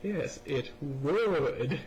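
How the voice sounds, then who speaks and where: A young man talks through a video game in an unhurried, goofy way. His voice sits a little high and jumps all over the place. He reads the game's lines aloud over a faint hiss from a cheap microphone. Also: expressive, darkish tone. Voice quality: goofy, pitch jumping around. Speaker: gamer. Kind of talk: let's play commentary.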